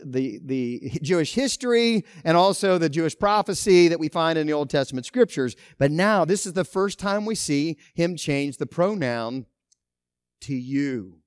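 A man pastor preaching a sermon, emphatic, with loud stresses and quiet asides. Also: a little high, no room sound, clean studio sound.

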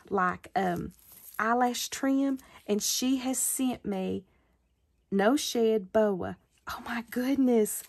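A woman's voice: on the high side, darkish tone. A woman hosting her craft channel, chatting casually as she unboxes mail, gushing with thanks and delighted exclamations.

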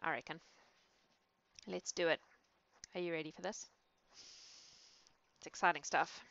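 Low-voiced woman reading a classic novel. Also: steady tone, measured pace, creaky, fairly bright tone, muffled recording. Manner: chatty and self-amused between passages. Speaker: reader. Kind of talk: storybook reading with casual asides.

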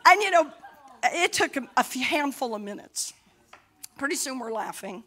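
A middle-aged woman pastor preaching a sermon boldly, rising to shouts between laughing asides. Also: sits high, lively intonation, moderate pace.

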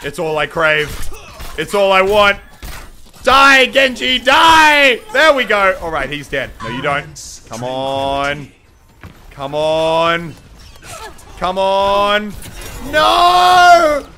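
A young man giving excitable, swearing live commentary over a video game, often shouting at the screen. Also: on the high side, slow, long pauses. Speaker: gaming channel host.

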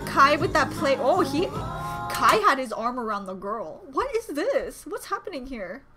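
A young woman hosting a reaction video, chatting and gasping with excitement as she comments on what she watches. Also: high voice, moderate pace, over loud music.

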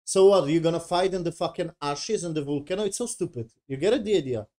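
A man's voice: on the high side, lively intonation, fast talker, dark tone. A man giving a casual, profane review rant in non-native English, sarcastic and dismissive, with constant swearing. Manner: sarcastic, swears constantly, mocks characters in whiny voices. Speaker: show reviewer.

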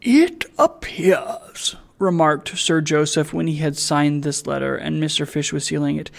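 A man on a library staff reading a classic novel aloud in a slow, measured narration. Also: a little high, level tone, gravelly.

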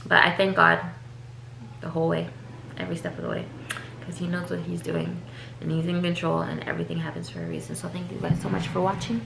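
Woman vlogging to camera, low-ish voice with lots of fry, kinda echoey room. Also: lively intonation, brisk, noisy background. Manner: chatty, leans on "like", repeats words. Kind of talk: casual storytelling to camera.

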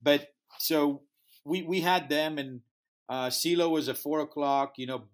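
Animated man telling festival stories. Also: a little high, a little slow. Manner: animated, acts out quoted dialogue; slight non-native phrasing. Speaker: music festival founder. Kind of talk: interview storytelling.

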